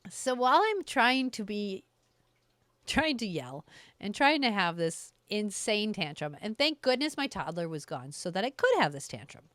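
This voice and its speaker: A woman's voice: mid-range voice, normal speed, no echo. Woman host telling a story, laughs at herself, lots of ups and downs in her voice, dry close sound. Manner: animated, laughing, self-mocking. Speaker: podcast host, astrologer. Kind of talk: casual storytelling.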